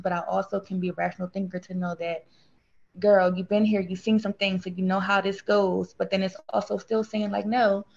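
Woman guest rambling earnestly, gravelly voice, kinda muffled lo-fi audio. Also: mid-range voice. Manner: earnest, rambling, animated when quoting others. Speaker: guest sharing grief story. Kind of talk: emotional conversational interview.

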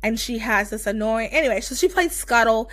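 A woman's voice: on the high side, lively intonation, a little fast, fairly bright tone, dry recording. A young woman co-hosting a podcast, gushing in casual chat with lots of fillers. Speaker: podcast co-host.

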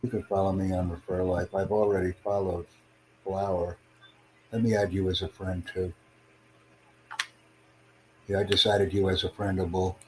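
A man's voice: low voice, little pitch movement, moderate pace, long pauses, a little hiss or hum, poor audio. A man hosting his own livestream podcast, chatting casually with callers in a rambling, repetitive, self-promoting way. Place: in the United States.

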